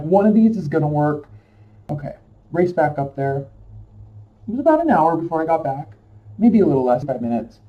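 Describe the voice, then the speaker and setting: A man's voice: fairly high pitch, distant mic. Emotional man telling a rambling story. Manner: emotional, rambling, many fillers. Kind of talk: casual personal storytelling. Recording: dull lo-fi sound from off-mic.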